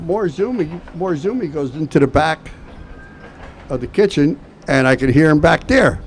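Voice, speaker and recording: An older man giving a hall of fame induction speech, telling an animated story and acting out the voices in it. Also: a little high, moderate pace. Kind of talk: anecdotal speech.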